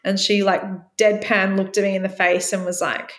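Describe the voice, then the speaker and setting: A woman guest telling a candid personal story, reflective and open, acting out her own past lines in a brighter voice. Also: mid-range voice, level tone, normal speed. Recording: echoey room.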